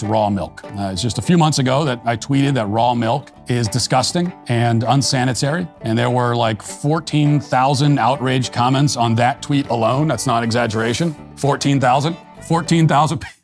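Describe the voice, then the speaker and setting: A middle-aged man hosting a commentary show, delivering a deadpan, mock-apologetic sarcastic monologue with bursts of mock shouting. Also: mid-range voice. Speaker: commentary host.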